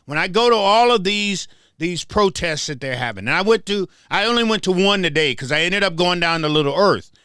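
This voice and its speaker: Emphatic man with a lively voice. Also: high-pitched, a little fast, few pauses, clear, resonant tone, no room sound, studio quality. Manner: repetitive, restarts phrases, emphatic. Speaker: show host. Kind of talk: casual commentary monologue.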